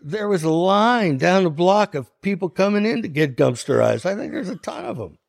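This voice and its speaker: An older man from Ohio, a songwriter guest, telling an animated anecdote in an interview and acting out the voices in it. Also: high-pitched, normal speed, gravelly, dry recording, studio quality. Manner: animated anecdote telling, acts out quoted voices, laughs often. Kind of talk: storytelling interview.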